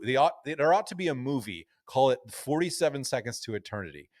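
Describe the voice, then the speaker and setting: A man's voice: medium pitch, no echo, studio quality. A man co-hosting a casual golf podcast, reading newspaper quotes aloud in a storytelling way. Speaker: podcast co-host.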